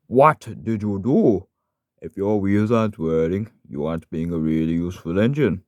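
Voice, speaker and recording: A man voicing a stern male toy steam engine who scolds in a slow, drawn-out way. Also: low voice, dry recording, clean studio sound, close to an everyday voice. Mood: scolding.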